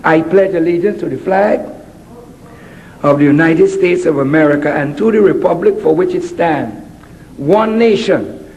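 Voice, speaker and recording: A man voicing a stern West Indian mother who firmly instructs her son, in a lowered voice. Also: normal speed, a little mellow, muffled recording, slight background noise, close to an everyday voice. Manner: firm, commanding.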